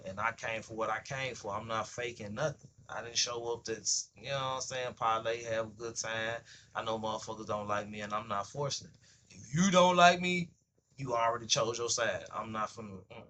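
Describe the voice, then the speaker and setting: A man's voice: medium pitch, sharp tone, slight background noise. Blunt, profane man ranting on stream. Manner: blunt, profane, street slang, acts out both sides of conversations. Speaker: livestream host. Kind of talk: casual monologue on stream.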